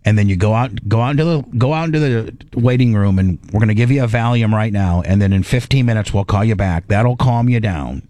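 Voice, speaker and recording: A man's voice: lowish voice, fairly quick, hardly any pauses, no room sound. Dry-voiced middle-aged male radio host. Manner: animated, acts out his own panicked inner voice; frequent restarts and filler "like". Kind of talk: casual on-air storytelling.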